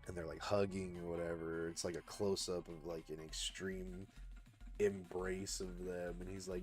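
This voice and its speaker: A young man on a livestream casually pitching a story. He rambles, swears and fills every pause with "like". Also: level tone, a little mellow, faint music behind. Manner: rambling, heavy "like" filler, cursing. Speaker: artist streamer.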